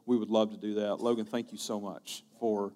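A man's voice: fairly low pitch, flat delivery, normal speed, warm tone. A male pastor preaching a sermon, telling a story earnestly and often repeating his words.

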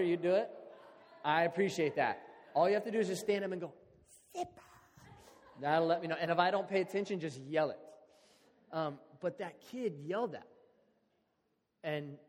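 A man preaching a sermon in a relaxed, conversational, storytelling way. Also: on the high side. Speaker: pastor. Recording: long hall reverb.

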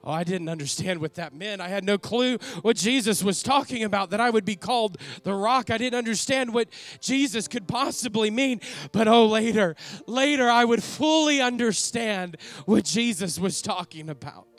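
A man's voice: high-pitched, moderate pace. A man playing Simon Peter, awestruck apostle. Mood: reverent. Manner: reverent, emotional, lingering on sighed exclamations. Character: awestruck older male apostle, earnest ex-fisherman. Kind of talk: dramatic first-person monologue.

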